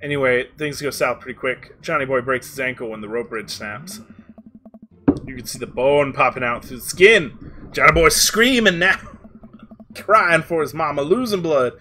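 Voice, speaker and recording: A man voicing a gruff, brooding ex-army dad in a video game, with a put-on Southern drawl and low, grim storytelling. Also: lively intonation, moderate pace, sharp tone, slight background noise.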